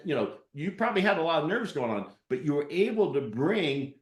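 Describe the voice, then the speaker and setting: A man interviewing a guest on stage, telling lively coaching stories with acted-out quotes. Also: a little high, a little fast, roomy sound. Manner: animated storyteller with acted-out quotes. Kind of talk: live interview with storytelling.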